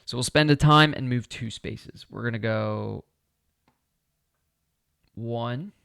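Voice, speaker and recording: A man streaming a solo board game playthrough, thinking aloud, counting his moves and asking viewers what they think in a relaxed, casual way that includes the odd swear. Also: mid-range voice, takes it slowly, creaky, clean tone, dry recording, clean studio sound.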